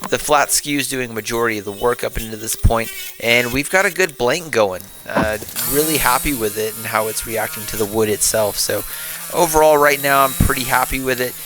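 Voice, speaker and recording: A man's voice: mid-range voice, a little fast, low-quality recording. A man with a Texan accent giving tired, rambling, self-deprecating voice-over commentary on his woodturning project late at night. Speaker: woodturning channel host.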